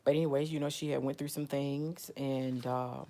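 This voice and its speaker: A woman's voice: very deep voice, fairly even intonation, moderate pace, mellow. A woman in casual talk to her viewers, rambling and repeating herself, leaning on "you know" and "like". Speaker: self-described spiritual advisor. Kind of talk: casual storytelling to camera.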